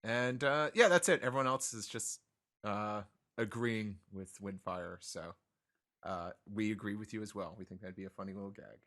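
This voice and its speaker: A man's voice: lowish voice, normal speed, a bit bright. A man hosting a podcast, chatting casually and reading listener mail with many fillers and restarts.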